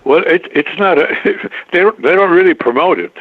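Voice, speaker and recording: An older man, a guest in an interview, telling a long rambling story, halting and restarting often, with a chuckle now and then. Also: sits high, lively intonation, dry recording. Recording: dry tinny phone line.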